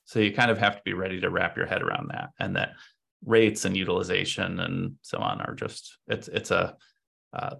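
Man, podcast guest, deep voice, gravelly, explanatory, thinks aloud. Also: a bit bright. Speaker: podcast guest, agency co-owner. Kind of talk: casual interview talk.

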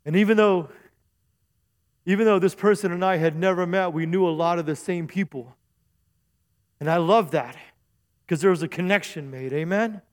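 With a high-pitched voice, a moderate pace and long pauses, a man preaches to his congregation at a church service. He keeps it chatty and joking, frequently prompting the crowd to say "amen".

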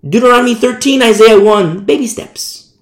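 A man's voice: very high voice, moderate pace, roomy sound. A man preaching a sermon as a pastor, blunt and plain-spoken, mocking those he disagrees with.

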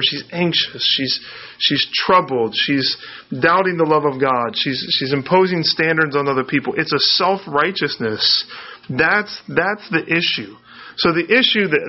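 A man from the United States preaching a conversational sermon, asking rhetorical questions and often restarting his sentences. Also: fairly high pitch. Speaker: pastor. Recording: dull lo-fi sound.

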